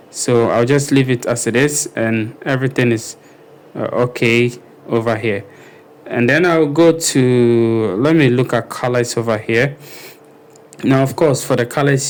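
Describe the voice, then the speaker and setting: A man with a medium-pitched voice walks through a web design tutorial on a screen recording. He speaks casually, thinking out loud and padding pauses with ums and okays.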